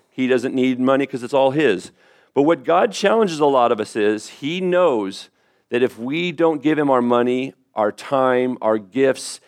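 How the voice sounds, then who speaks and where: A middle-aged man preaching a sermon as pastor, telling a story in a conversational way with quick asides and restarts. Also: medium pitch.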